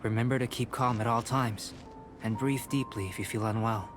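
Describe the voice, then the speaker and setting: A man voicing a calm young male alchemist in a game, measured and lecturing. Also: medium pitch, close to an everyday voice. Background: faint game music.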